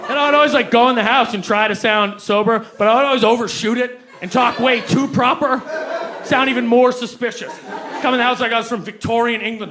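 A young man performs a stand-up set in a high, animated voice and keeps slipping into acted voices for the people in his stories. He is recorded live in a comedy club on a stage microphone, with loud audience laughter and steady room noise behind him. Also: a little fast, a loud crowd.

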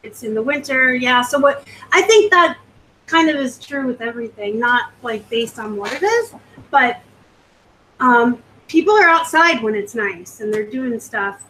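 A woman's voice: a little high, lively intonation, measured pace, a bit bright, slight background noise, poor audio. Chatty woman hosting a live stream. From West Coast of the US. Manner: chatty, rambling, casual. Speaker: host. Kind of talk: live-stream chat answering viewer comments.

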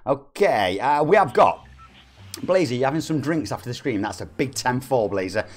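A man's voice: medium pitch, lively intonation, moderate pace, slight background noise. A man in his forties with an East Midlands English accent, chatting upbeat with viewers and reading out their names during a live game stream. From England. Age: 40s.

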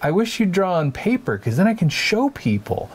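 A man voicing an overjoyed, cheerful mother who gently coaxes her child, in a high, sweet tone. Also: big pitch swings, moderate pace, slightly rough, full character voice. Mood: gushing. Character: gushing cheerful mother, adult woman.

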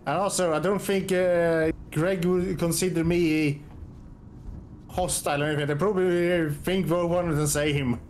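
A man's voice: fairly high pitch, steady tone, moderate pace, darkish tone, a little hiss or hum. A man chatting casually on a voice call while playing a co-op game, explaining tactics with dry sarcasm. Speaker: gamer.

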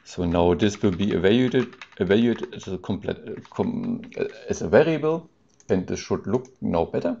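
A man with a deep, gravelly, mellow voice talks through code on a casual live stream, hesitating often and restarting his sentences. The audio is dull and lo-fi. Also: lively intonation, moderate pace. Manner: thinks aloud, hesitant, with many ums and restarts; reads out and answers chat questions with amusement.

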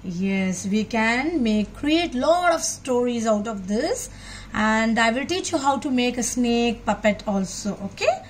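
A woman teaching young children a craft, speaking slowly and patiently in a fairly high voice. She keeps asking her young audience questions as she works. Faint noise sits behind her. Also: lively intonation.

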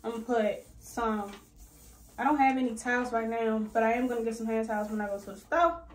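A young woman in her twenties chatting casually in a slangy, animated way while organizing her bathroom. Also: fairly quick, echoey room. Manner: chatty, slangy, animated with sudden high squeals. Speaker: lifestyle vlogger. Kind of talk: casual organizing vlog chat. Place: bathroom at home.

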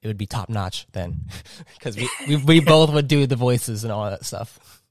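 A man hosting a casual podcast interview, talking in a halting way, repeating words and laughing lightly. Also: mid-range voice, expressive, no room sound, clean studio sound. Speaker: podcast host.

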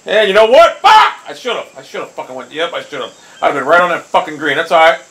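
A man commentating his own golf video game play, swearing constantly and bursting into frustrated shouts. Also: on the high side, lively intonation, quick pace, rough recording. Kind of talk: casual gameplay commentary.

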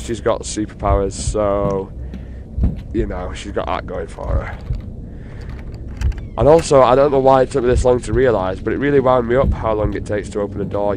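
A man giving casual, profane and rambling commentary while he plays a horror game for his channel. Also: on the low side. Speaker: gaming video host. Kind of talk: let's play commentary. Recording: steady background noise.

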